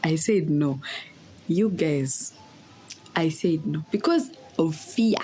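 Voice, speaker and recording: A young woman tells a story in her vlog, laughing and acting out the voices of other people. Her voice sits on the low side but jumps all over the place. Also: slow, slight background noise. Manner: animated, laughing, acts out voices in quotes. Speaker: vlogger. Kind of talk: casual storytelling.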